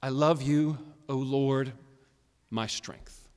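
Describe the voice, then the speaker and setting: A male pastor preaching a sermon, swinging from quiet, low remarks to loud, emphatic bursts of praise. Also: takes it slowly, in a large hall.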